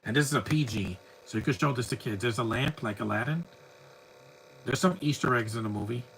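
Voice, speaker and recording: A man's voice: medium pitch, a little fast, a bit bright, a little hiss or hum, rough recording. A man giving a live movie commentary, chatty and opinionated, full of rambling asides. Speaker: film commentator.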